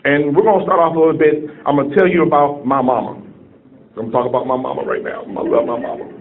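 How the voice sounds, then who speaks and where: A man's voice: a little high, steady tone, fast talker. A man in his late forties from Cleveland, Ohio, giving a humorous sermon-style talk as a guest speaker and calling on the audience to answer. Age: late 40s. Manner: jokey, calls on the audience to answer. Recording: tinny phone-like sound.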